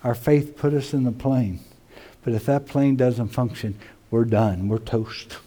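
A man delivers a Sunday sermon at an unhurried pace. His voice is dark and mellow. He swings between forceful emphasis and hushed, almost whispered lines. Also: medium pitch, fairly even intonation. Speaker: pastor. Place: church sanctuary.

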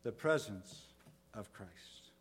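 Slow, deliberate preaching man. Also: expressive, a little hiss or hum. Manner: deliberate, swings from soft low phrases to loud emphatic ones. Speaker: pastor. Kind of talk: sermon.

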